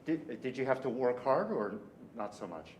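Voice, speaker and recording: A man teaching a violin master class in a rehearsal room, coaching a student with lively, exaggerated phrasing and frequent restarts. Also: medium pitch, moderate pace, a little hiss or hum. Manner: animated, exaggerated teaching delivery with repeated phrases.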